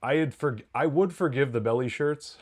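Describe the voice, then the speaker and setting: A man's voice: mid-range voice, normal speed, a little mellow, slightly rough. Chatty man recapping a TV episode. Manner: chatty, rambling, self-correcting, laughs often. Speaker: TV review podcast host. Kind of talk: casual spoken episode recap.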